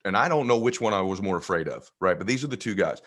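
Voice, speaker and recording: A man telling a personal story in an energetic, conversational way as a podcast guest. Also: deep voice, fast. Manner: energetic, conversational, acts out voices. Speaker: guest speaker.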